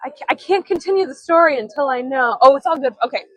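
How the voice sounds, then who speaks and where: A high-voiced woman from Chicago guides a live-streamed walking tour outdoors. She chats and giggles and drifts into storytelling asides. Her voice comes through a phone mic with dry, close sound. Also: expressive, fast talker, fairly bright tone, dry recording, poor audio. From Chicago, USA. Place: outdoors on city streets.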